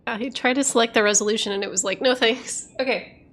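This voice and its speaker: Giggly woman streamer with a slightly high voice, chatty, casual, baby-talks her dog. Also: very fast, a bit bright, soft background music. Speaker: game streamer. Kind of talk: casual live-stream chat.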